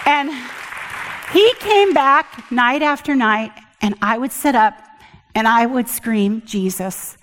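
An older woman giving an earnest personal testimony at church, halting often and restarting her sentences. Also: on the high side, fairly bright tone, long reverb tail, a faint crowd. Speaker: church speaker.

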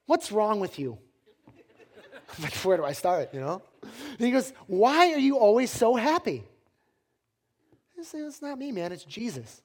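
A male preacher giving a sermon with a personal story, joking at his own expense. His delivery is animated, rising loud and dropping quiet. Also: high-pitched. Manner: animated, self-deprecating humor.

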